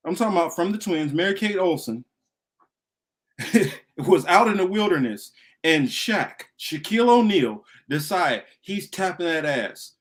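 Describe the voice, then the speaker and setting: High-pitched dude ranting hard on a political show, swearing constantly, repeats himself for emphasis. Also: male voice. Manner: ranting, profane, emphatic repetition. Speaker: podcast host. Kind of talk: heated political talk.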